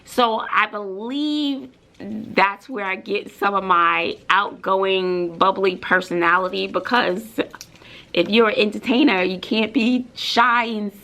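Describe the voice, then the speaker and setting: A bubbly woman from Brooklyn, a middle school teacher, chats casually to her vlog audience. Her voice is bright and sharp with a gravelly edge, and she talks with lots of fillers and open feeling. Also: mid-range voice, fairly even intonation, slow pace. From Brooklyn, New York. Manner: bubbly and emotional, with many fillers.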